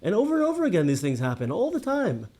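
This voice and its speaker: A man teaching a casual Torah class to a small group. He tells stories with lively ups and downs, restarts often and keeps asking "right?". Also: sits high, fast. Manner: lively storyteller, many restarts and "right?" tags.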